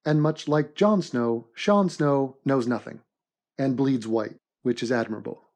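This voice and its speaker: A man narrates an animated comedy commentary with mock-serious, deadpan sarcasm. His voice sits at an ordinary mid pitch, and he delivers the jokes straight-faced. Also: measured pace.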